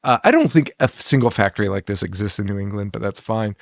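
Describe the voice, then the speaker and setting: His voice is fairly low, fast, and animated, with some vocal fry, as he co-hosts a casual podcast about films. He rambles, swears, and laughs often, recorded dry in studio quality.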